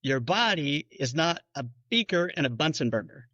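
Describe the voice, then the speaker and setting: A man's voice: fairly high pitch, big pitch swings, moderate pace, bright, forceful tone, no echo, muffled recording. A man who is a bariatric physician, patiently explaining in a podcast interview and acting out his patients' questions.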